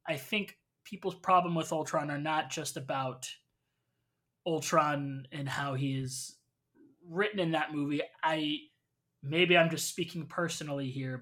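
A man's voice: fairly high pitch, fairly bright tone. A man hosting a podcast who talks at length in casual conversation, explaining his views with fillers. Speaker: podcast host. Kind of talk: casual chat reviewing a show.

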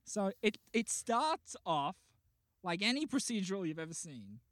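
A man's voice: sits high, big pitch swings, moderate pace, fairly bright tone, dry recording, clean studio sound. A man, a podcast host animatedly retelling a dream and acting out voices. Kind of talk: casual chat, retelling a dream.

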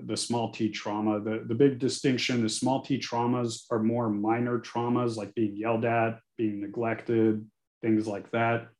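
A man in his forties, a guest speaking frankly and earnestly in an interview. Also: lowish voice. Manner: earnest, frank and animated, sometimes cursing. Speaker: guest, attorney. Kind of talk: candid podcast interview. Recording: echoey room.

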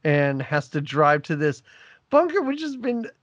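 Relaxed podcaster, dry close mic, chatting through a movie. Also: mid-range voice, measured pace, no echo, lo-fi sound. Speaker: podcast co-host discussing a film. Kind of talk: casual chat.

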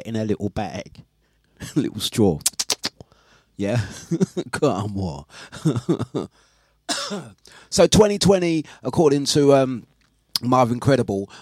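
A man's voice: mid-range voice, a little mellow, no room sound. A man hosting a casual breakfast radio show, chatting, reading listener messages and laughing often. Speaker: radio DJ and host.

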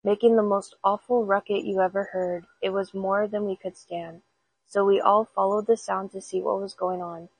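A woman reading scary stories aloud in a steady, measured storybook manner. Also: medium pitch, slightly rough, poor audio.

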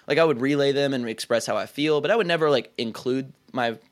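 A young man in his twenties speaks in casual conversation at an ordinary, middle pitch. He talks reflectively and rambles, often restarting his sentences and leaning on "like" as he works out his thoughts. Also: quick pace.

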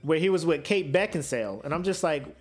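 Animated, laughing male podcast co-host. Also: on the high side, brisk. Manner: animated, joking, laughs often, slangy. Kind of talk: casual chat.

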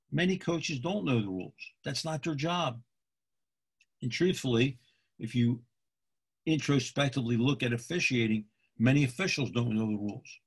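With a husky mid-range voice at normal speed, this middle-aged Pennsylvania man, a football official, instructs fellow officials in a folksy way. He goes over his points again and keeps asking "okay?"

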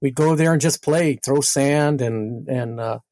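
A man's voice: medium pitch, a little slow, a little mellow, no echo. A man from Brooklyn, New York, a podcast guest telling rambling stories with laughs and many fillers. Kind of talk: casual storytelling.

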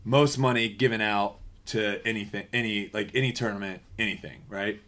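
Animated man hosting a sports podcast. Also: on the low side. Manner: animated, steers the topic, quick asides. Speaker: podcast host. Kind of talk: casual sports chat.

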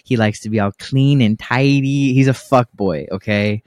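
A man's voice: medium pitch, moderate pace, darkish tone, no room sound, studio quality. A man in his thirties co-hosting a podcast, telling rambling, profane stories and laughing often. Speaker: podcast co-host. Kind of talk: casual podcast chat.

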